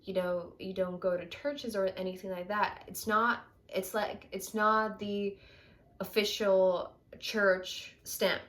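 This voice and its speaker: A woman talks through a tarot reading in a loose, chatty way. She is effusive and easily excited, and her voice sits at an ordinary middle pitch. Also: slow pace. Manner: chatty, full of "you know" and "right?". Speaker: tarot reader.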